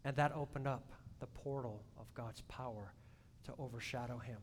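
A man preaching a sermon in a church, swinging between loud emphatic peaks and soft hushed asides. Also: fairly even intonation, moderate pace. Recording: long hall reverb, faint rumble.

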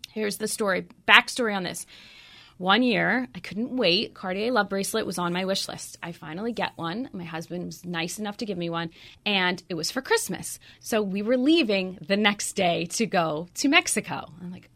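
Her mid-range voice sounds bright and forceful as this middle-aged radio host makes casual conversation. She's chatty, full of stories, and leans heavily on fillers.

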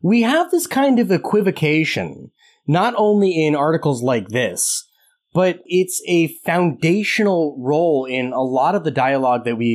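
A podcast co-host in casual discussion who cracks jokes and reads article passages aloud. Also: medium pitch. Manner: animated, joking asides, reads article excerpts.

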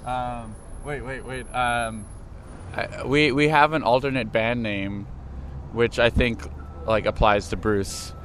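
A man's voice: mid-range voice, steady tone, takes it slowly, a bit bright, a little hiss or hum. A man fronting a band, chatting casually and rambling a bit, laughing easily, outside on a city street. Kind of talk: casual interview chat.

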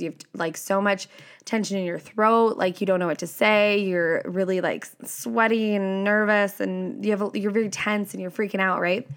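A woman's voice: medium pitch, a bit bright. A young woman hosting a podcast as a coach, talking casually in a chatty way. She leans on the fillers "like" and "right?" and swears freely.

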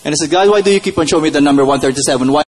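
A man's voice: on the high side, very fast, darkish tone, husky, poor audio. Man telling a church testimony. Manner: storytelling, quoting his own prayers. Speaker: church speaker giving testimony. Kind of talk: testimony sermon.

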